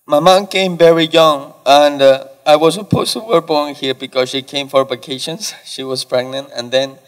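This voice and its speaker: Emotional young man in an echoing hall. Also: a little high. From Ecuador. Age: 20s. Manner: halting, apologetic, pausing often. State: emotional, close to tears. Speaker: audience member asking a question. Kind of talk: emotional question from the floor. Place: large lecture hall. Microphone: audience microphone. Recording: reverberant lecture hall.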